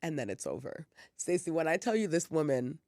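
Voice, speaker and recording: A woman's voice: sits low, sing-song, a little fast, a little mellow, dry recording, clean studio sound. Chatty, profane podcast woman. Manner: rambling storytelling full of "like" and "whatever", profane. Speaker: podcast co-host. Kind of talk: casual chat.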